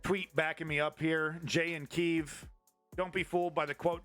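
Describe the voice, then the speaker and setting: A man's voice: a little high, moderate pace, pushed and bright, faint music behind. A man hosting a live-streamed political commentary show, ranting in a profane and sarcastic way. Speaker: host.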